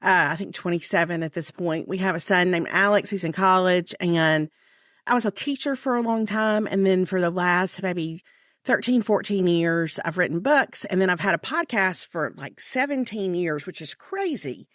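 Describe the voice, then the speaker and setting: A chatty woman with a Southern American accent and a lowish voice, talking as a podcast guest. She laughs easily and stretches her phrases. The sound is dry and close. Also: lively intonation, moderate pace, fairly bright tone, no room sound. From Mississippi, USA. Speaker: guest author. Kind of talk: podcast interview.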